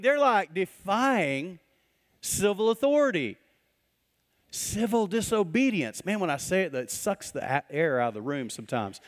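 A male pastor preaching a lively, joking sermon and reading scripture aloud. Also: high-pitched, in a large hall. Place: church sanctuary.

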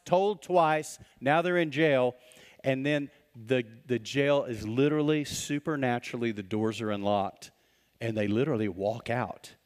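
A male pastor preaching a lively, joking sermon and reading scripture aloud. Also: mid-range voice, long reverb tail. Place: church sanctuary.

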